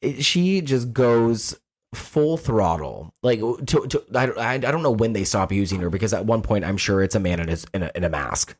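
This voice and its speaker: A man co-hosting a casual podcast chat, talking in an animated, profane way and acting out movie characters. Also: fairly low pitch, fast, few pauses, breathy edge. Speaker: podcast co-host.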